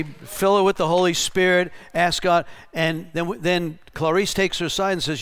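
Animated preacher man telling a story. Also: fairly high pitch, normal speed, clean tone. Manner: animated, with frequent restarts and repeated words. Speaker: pastor. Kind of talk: storytelling sermon.

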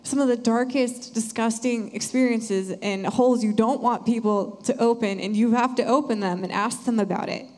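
A young woman sharing an earnest, animated church testimony. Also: on the high side, moderate pace, hardly any pauses. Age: young adult. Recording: hall reverb.

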